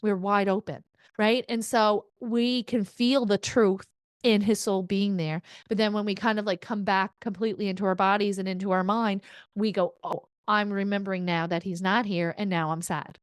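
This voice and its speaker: A woman's voice: moderate pace, clear, resonant tone, no room sound. A woman medium giving a casual spirit reading, chatty and laughing often, swearing now and then. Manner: chatty, laughing often, relays quotes in an excited higher voice.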